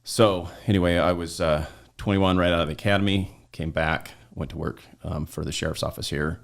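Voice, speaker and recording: A man's voice: deep voice, fairly even intonation, brisk, gravelly. A man in his forties from southern Utah, a former deputy, telling rambling stories as a podcast guest and often checking in with "right?". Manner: rambling, keeps tagging lines with "right?". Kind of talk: casual interview storytelling.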